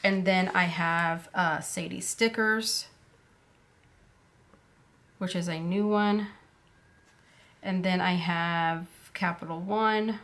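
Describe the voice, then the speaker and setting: A woman talking casually through her budget planner, unhurried and thinking aloud with fillers as she goes. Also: lowish voice, steady tone, a bit bright. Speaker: planner vlogger.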